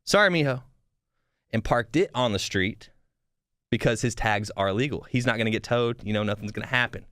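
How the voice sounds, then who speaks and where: Animated rambling man, dry close sound. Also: mid-range voice, moderate pace, no room sound. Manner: rambling, animated, frequent swearing and restarts. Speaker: podcast host. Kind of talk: casual storytelling.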